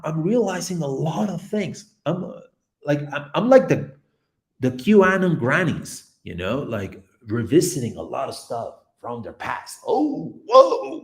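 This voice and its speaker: A man in his forties chatting casually on a livestream from his office, excitable and rambling, swinging between loud bursts and hushed asides. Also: a little high, a little slow, echoey room. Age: 40s. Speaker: livestreaming artist. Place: office room.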